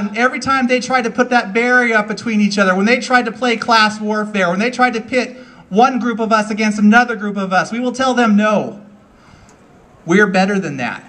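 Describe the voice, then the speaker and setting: A man with a high voice gives an earnest, rousing political speech, hammering repeated phrases. He sounds set back from the mic at an outdoor rally. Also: pushed and bright, far from the mic. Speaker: rally speaker.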